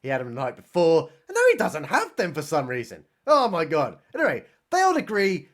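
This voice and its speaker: Male reviewer, high lively voice, sarcastic deadpan recap with sudden excited yelps. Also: fairly quick, hardly any pauses. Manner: mocking, exclaims often, swings between deadpan and excited outbursts. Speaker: movie reviewer. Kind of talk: sarcastic comedic film recap narration.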